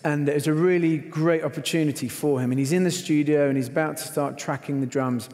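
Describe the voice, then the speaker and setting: A man's voice: a little high, brisk. A middle-aged man, preaching at a conference and telling a story with lots of acted-out lines. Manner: animated storyteller, acts out quotes with shouts. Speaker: conference speaker. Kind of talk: sermon with a told story. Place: large performing arts hall. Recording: long hall reverb.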